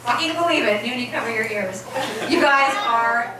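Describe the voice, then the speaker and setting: A woman with a fairly high voice reads a eulogy for her brother, nervous and sad. She sounds distant in a very echoey room. Steady background noise runs underneath. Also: brisk. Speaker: sister giving a eulogy. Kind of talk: memorial speech read from notes. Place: room at a memorial gathering.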